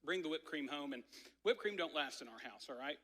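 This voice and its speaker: Man preaching in a church, chatty storyteller, bright ringing voice, long hall echo. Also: a little high, a little fast. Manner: conversational, many "like" fillers, animated storytelling. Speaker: pastor. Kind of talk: sermon with personal story. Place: church sanctuary.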